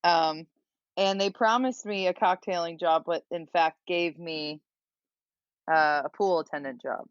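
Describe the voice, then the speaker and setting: A woman telling a story as a podcast guest, animated and laughing at herself. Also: fairly low pitch, a little slow, dry recording. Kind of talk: casual storytelling. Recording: dull dry lo-fi recording.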